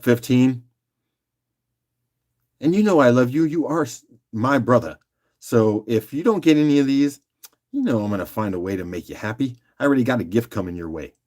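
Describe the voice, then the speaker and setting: A man's voice: mid-range voice, animated, darkish tone. Chatty man running a live auction. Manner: chatty and joking, often laughing and talking to viewers by name; loose and unhurried, with fillers and restarts while doing other tasks. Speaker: host auctioning rocks on a live stream. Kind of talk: casual live-stream auction chat.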